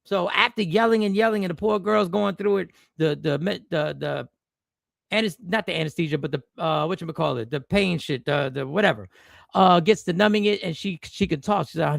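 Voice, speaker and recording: A man's voice: sits high, fairly quick, vocal fry, no room sound, studio quality. A man, a stand-up comedian, telling a personal story to viewers in a loose, rambling way with slang and restarts. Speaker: stand-up comedian and stream host.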